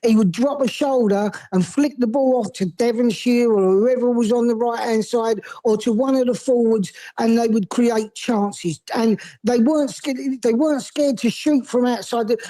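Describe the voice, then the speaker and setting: A man's voice: very high voice, normal speed, few pauses, dark tone, dry recording, poor audio. A man with a Cockney accent phoning in to a football talk show, ranting casually and swearing as he goes. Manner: swearing, rambling football rant. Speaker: phone-in caller. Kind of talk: casual chat.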